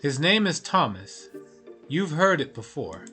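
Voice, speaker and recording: A man's voice: on the high side, big pitch swings, measured pace, bright, forceful tone, faint music behind. A man streaming a story game, reading the narration aloud with offhand asides.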